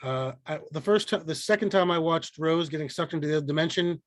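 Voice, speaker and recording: A man's voice: on the high side, fast, no room sound. Rambling, profane podcast co-host, man. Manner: rambling, profane, frequent restarts and fillers. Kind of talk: casual podcast chat.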